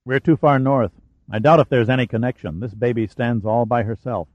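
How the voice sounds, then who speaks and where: A man's voice: mid-range voice, brisk, a little mellow, dry recording, highs cut off, close to an everyday voice. A man voicing a cool, wry male adventurer who speaks in a dry, understated way.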